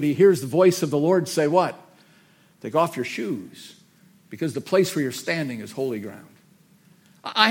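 A man preaching a sermon, with folksy asides and emphatic repetition, often rambling off topic. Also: mid-range voice. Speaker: pastor. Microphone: sermon on an iPad from notes.

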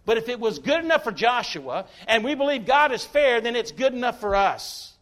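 A man's voice: very high-pitched, sing-song, normal speed, a bit bright. A man delivers a sermon. He preaches in an emphatic, folksy way, breaking into jokes between quoted verses. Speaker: pastor.

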